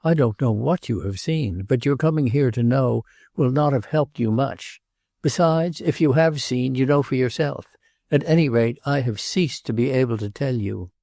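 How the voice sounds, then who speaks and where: A man's voice: mid-range voice, moderate pace, vocal fry, warm tone, dry recording, lightly acted. A man doing a weary old woman. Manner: dry, tired, refusing. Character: elderly woman, weary and blunt.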